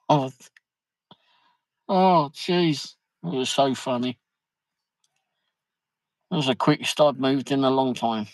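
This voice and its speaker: A man's voice: medium pitch, takes it slowly, pauses often, dry recording, rough recording. A man chatting casually on a livestream, rambling through a funny anecdote with lots of laughter. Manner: rambling, laughs often, peppers speech with "flipping". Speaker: livestream host.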